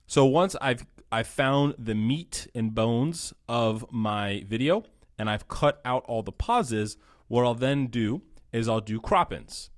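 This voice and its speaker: A man's voice: mid-range voice, lively intonation, slow, no room sound. A young man casually walking through a video editing tutorial with a practical tone and frequent fillers, speaking into a close mic. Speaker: course instructor. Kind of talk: screen-recorded editing tutorial.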